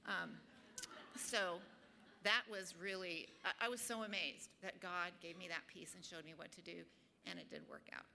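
A woman sharing her faith story and teaching from scripture in a loose, chatty way, full of ums and quick laughs at herself. Her voice is sharp and bright, with a gravelly fry at the ends of phrases. It sounds like a casual talk to a small group. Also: on the low side, a little hiss or hum. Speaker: speaker at a Bible study group. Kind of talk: personal faith testimony and Bible teaching.

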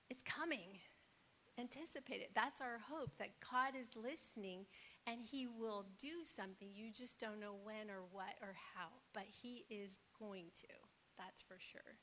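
Encouraging woman giving a devotional talk. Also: on the high side. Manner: warm, encouraging, conversational, with many fillers. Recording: faint hiss.

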